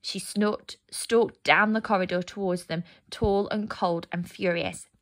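A woman narrating a fairy tale aloud, gentle and expressive. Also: mid-range voice, unhurried. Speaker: storyteller. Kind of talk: storybook narration.

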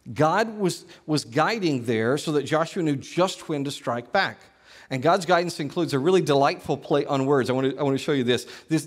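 A middle-aged man, a lead pastor, preaching an animated sermon with a joking, teacherly manner in a church. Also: on the high side. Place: church sanctuary.

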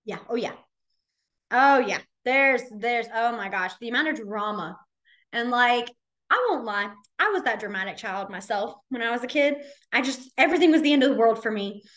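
A young woman teaching a beginners' sign class in a library room. Her voice sits slightly high, and she talks in a chatty, storytelling way, full of ums and little laughs. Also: expressive, moderate pace, fairly bright tone. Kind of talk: casual class teaching with stories.

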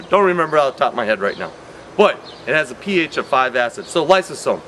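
A man's voice: medium pitch, big pitch swings, fast talker, pushed and bright, a little hiss or hum. A man teaching a science lesson in a chatty, playful way, repeating key points and drifting into tangents. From Wisconsin.

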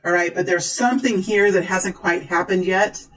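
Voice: mid-range voice, moderate pace, poor audio. A tarot reader talking to viewers during a card reading, gushing and exclaiming. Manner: excitable, exclaims and gushes.

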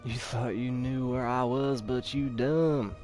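A man's voice: medium pitch, fairly even intonation, slow, darkish tone, faint music behind. A man hosting a video game let's play, trash-talking and laughing at the enemies he fights. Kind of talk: gameplay commentary.

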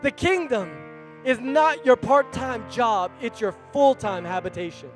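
Very high-voiced male pastor preaching. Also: a little slow, faint music behind. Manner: animated preaching with conversational asides. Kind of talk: sermon. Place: church.

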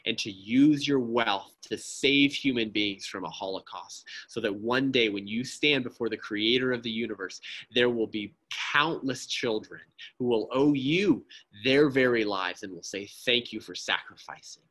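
Man, pro-life speaker, impassioned church talk, emphatic, keeps asking the crowd, sharp bright voice with some rasp. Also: mid-range voice, measured pace, few pauses. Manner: emphatic, keeps asking "right?" and addressing "friends".

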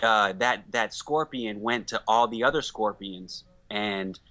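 A man's voice: on the low side, a little slow, sharp tone. A man making an earnest point in a discussion, stopping often with fillers. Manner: earnest, hesitant with many fillers. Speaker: panel guest.

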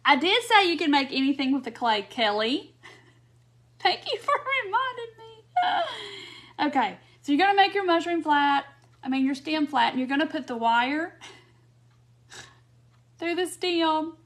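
A woman's voice: high voice, lively intonation, measured pace, long pauses, a bit bright. A woman hosts a casual craft livestream, giggling often as she chats to viewers. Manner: giggly, laughing often while chatting to viewers. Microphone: phone or webcam on a live stream.

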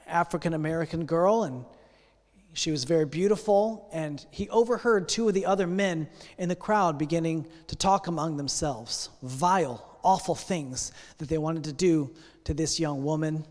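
A man preaching a sermon, earnest and deliberate, building intensity through a long story. His voice sits a little high for a man. A long reverb rings around him in the sanctuary. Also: a little mellow. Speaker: pastor. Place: church sanctuary. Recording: long church hall reverb.

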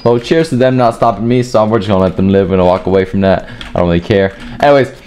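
A young man giving profane, joking commentary over his gameplay, trash-talking other players and often breaking into yells. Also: on the low side, fast. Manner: bursts into yelling. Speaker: gaming video creator.

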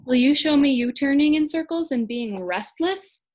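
A young woman in her twenties giving a children's read-aloud lesson, speaking gently and encouragingly to young kids. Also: high voice, lively intonation, normal speed. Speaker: speech-language pathology student teacher.

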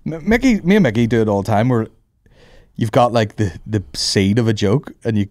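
Male comedian, halting and rambling, dry close sound. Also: lowish voice, expressive, a little mellow, no room sound. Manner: rambling, halting, full of restarts. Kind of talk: casual podcast chat.

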